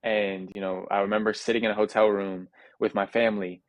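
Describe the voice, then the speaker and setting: Young American male guest, low-ish voice, earnest and reflective, dry close sound. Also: flat delivery, a little fast, dry recording, lo-fi sound. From United States. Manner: reflective, earnest, frequent restarts and "you know" fillers. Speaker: interview guest, Paralympic athlete. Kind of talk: casual interview.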